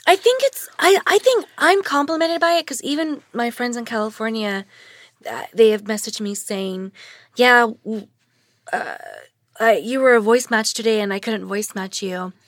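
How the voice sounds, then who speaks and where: Woman, raspy voice, high pitch, playful chat, dry close sound. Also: normal speed, no echo. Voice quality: raspy, unusual low-sounding texture. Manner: laughing, playful, dry asides. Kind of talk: casual chat.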